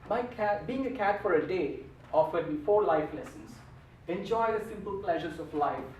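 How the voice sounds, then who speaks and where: A man's voice: high-pitched, animated, moderate pace, a little mellow. Guy doing a funny tall tale speech at a contest, sounds far away in a roomy hall, bit of hiss. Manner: playful, theatrical delivery with varied emphasis. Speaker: contest speaker. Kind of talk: humorous storytelling speech.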